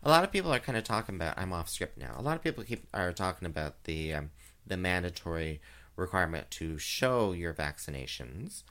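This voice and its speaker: A man doing drag, hosting a chat show, talking casually with many fillers and giggles, and jumping into high sing-song voices. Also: sing-song, fairly quick, bright, forceful tone. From Canada. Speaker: drag queen radio show host. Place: home, recorded live.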